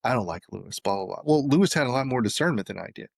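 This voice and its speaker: A rapid-fire interview guest with a creaky, medium-pitched voice, recorded in studio quality with no room sound, tells a casual story. He animatedly performs the dialogue of the people he's quoting.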